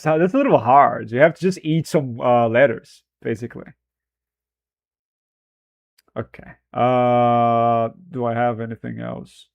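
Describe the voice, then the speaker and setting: A man's voice: mid-range voice, vocal fry, darkish tone, no echo, muffled recording. A man chatting casually on a live stream while editing video, rambling and self-deprecating, often breaking into laughter.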